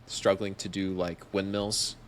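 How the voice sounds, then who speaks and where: A deep-voiced young man speaks a little slowly as a podcast guest. He tells his story in an easygoing, animated manner, laughing frequently and performing what different people said.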